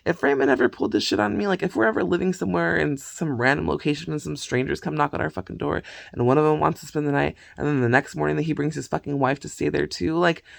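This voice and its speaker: Gravelly-voiced man ranting about movies. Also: fairly high pitch, quick pace, no room sound. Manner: heavy swearing, rambling retelling of plots. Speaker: vlogger reviewing movies. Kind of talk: casual rant.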